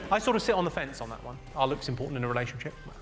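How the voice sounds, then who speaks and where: A man's voice: mid-range voice, lively intonation, racing. A middle-aged man doing stand-up comedy, dry and crude as he teases the audience. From England. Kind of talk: stand-up comedy with crowd work. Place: comedy venue on stage. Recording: live show with loud crowd noise.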